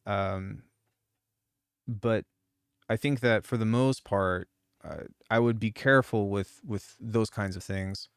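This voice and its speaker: Smooth low-voiced man chatting loosely. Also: takes it slowly, no echo, studio quality. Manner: rambling, profane, frequent restarts. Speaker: music producer streaming. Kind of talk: casual live-stream chat.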